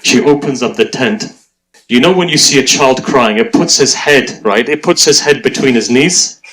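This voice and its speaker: A man's voice: medium pitch, moderate pace, a bit bright, poor audio. A man reciting a mourning sermon, emotional and full of rhetorical questions put to his audience. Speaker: religious speaker.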